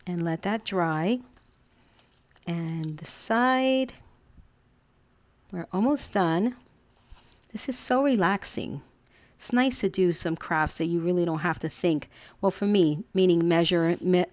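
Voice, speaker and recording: A woman's voice: on the low side, no room sound. Chatty, gushing woman teaching crafts. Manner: chatty and gushing, thinks aloud. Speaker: craft tutorial host. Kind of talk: casual crafting tutorial.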